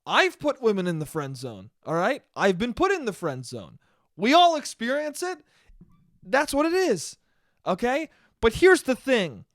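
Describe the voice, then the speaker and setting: A man's voice: very high-pitched, wildly swooping pitch, a little slow, fairly bright tone, no echo, clean studio sound. A young man hosting his own podcast, talking in a heated, profane and emphatic rant. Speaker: podcast host.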